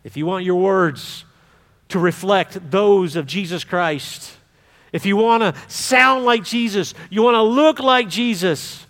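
A man with a high voice preaches a sermon to his congregation. He moves from forceful, emphatic lines to quiet, confiding asides in a conversational tone. His voice rings out with a long reverb, as though from a church sanctuary. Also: measured pace. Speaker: pastor.

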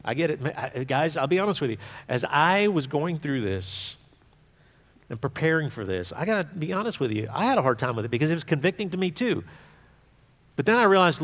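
Man, high-pitched pastor, conversational sermon, loud emphatic bursts and hushed asides, long hall reverb. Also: big pitch swings, fairly quick. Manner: conversational preaching, swinging between forceful emphasis and quiet asides.

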